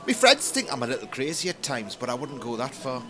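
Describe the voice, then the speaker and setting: A man's voice: mid-range voice, big pitch swings, a little fast, pushed and bright, soft background music. A man playing a polite, dim-witted shop assistant in a comedy audio play.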